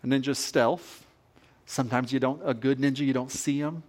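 A male pastor delivering a sermon in an animated way, repeating phrases for emphasis. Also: medium pitch, moderate pace.

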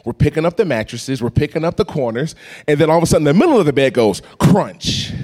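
Animated preaching man with lively pitch. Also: fast, slightly rough. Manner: animated, acts out voices and sounds. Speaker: pastor. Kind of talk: storytelling sermon.

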